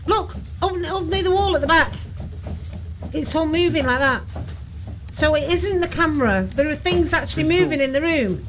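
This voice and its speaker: A woman's voice: sits high, a bit bright, slight background noise. A woman reacting to a ghost-hunting video, jumpy and exclaiming, swearing often.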